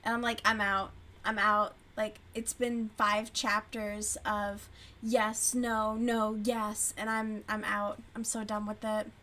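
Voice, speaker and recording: A woman's voice: on the high side, little pitch movement, takes it slowly, fairly bright tone. A woman hosting a casual livestream while crocheting, chatting loosely, swearing freely and answering her chat as she goes. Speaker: livestream host.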